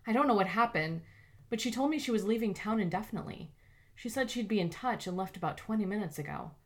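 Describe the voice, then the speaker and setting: A woman's voice: mid-range voice, animated, fast talker, a little mellow, voice pushed up, natural voice. Woman voicing a flustered receptionist. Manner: tentative, flustered. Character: Lindsay, anxious young female receptionist. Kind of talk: audiobook character voice.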